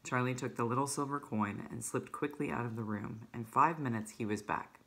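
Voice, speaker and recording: A woman's voice: very deep voice, moderate pace, fairly bright tone. A woman teacher reading a children's novel aloud to her students, talking casually with many fillers.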